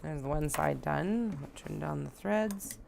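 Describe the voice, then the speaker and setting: A woman's voice: deep voice, unhurried, gravelly, a little mellow, slight background noise. A woman talking casually as she sews, joking and chatting to herself while she works in a home sewing room. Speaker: sewing vlogger.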